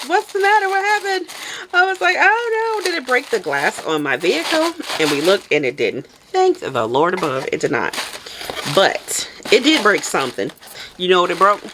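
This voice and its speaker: A woman chatting casually while packing orders, telling stories in an animated way and laughing often. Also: deep voice, slight background noise, poor audio. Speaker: soap maker vlogger.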